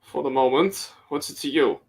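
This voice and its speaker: A guarded hobgoblin armorer voiced by a man speaks in a measured, formal way. He answers dryly and gives little away. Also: on the high side, creaky.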